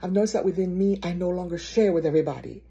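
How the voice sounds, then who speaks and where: A woman preaching a sermon in a lively storytelling way, acting out the excited voices of people she quotes. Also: fairly low pitch, racing, slightly rough. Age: adult.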